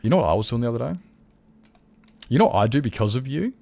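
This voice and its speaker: A man's voice: mid-range voice, animated, fast, creaky, darkish tone, dry recording. A man chatting casually to viewers while streaming a game, rambling, swearing freely and correcting himself mid-sentence. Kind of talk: casual live-stream chat.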